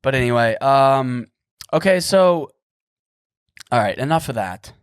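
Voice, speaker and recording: Man, 30s, solo podcast host; smooth, clear voice recorded dry; goofy, rambling, sarcastic edge. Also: mid-range voice, animated, unhurried, no echo.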